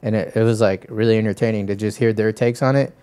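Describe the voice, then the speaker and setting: A man's voice: fairly low pitch, steady tone, quick pace, dark tone, clear, resonant tone. Rambling male podcast co-host. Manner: rambling, heavy on filler words and impressions. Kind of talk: casual chat.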